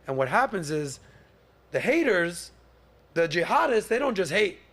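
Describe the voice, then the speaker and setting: A man in his forties holds the floor on a podcast, telling his story with a somewhat high pitch. He talks in lively bursts. He acts out what others said in exaggerated voices. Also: moderate pace. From Miami area. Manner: animated, acts out quotes in mock voices. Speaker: podcast host. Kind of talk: casual storytelling monologue.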